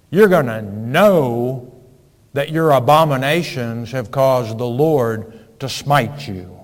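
Male preacher, sermon, slow deliberate delivery, emphatic scripture reading, long echoing hall reverb. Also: mid-range voice, lively intonation. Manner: emphatic, reads scripture in old-fashioned King James wording; slow and deliberate, swells louder on scripture and warnings.

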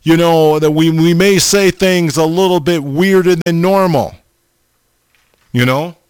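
Slow, halting male preacher. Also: fairly high pitch, a little mellow, smooth, dry recording. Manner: slow, halting, repeats the audience name often. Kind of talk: informal sermon.

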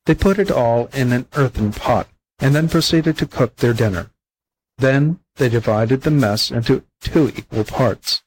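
A man reading an old fable aloud as a volunteer audiobook narrator, in a plain, steady storybook manner. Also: mid-range voice, unhurried, slight background noise, low-quality recording.

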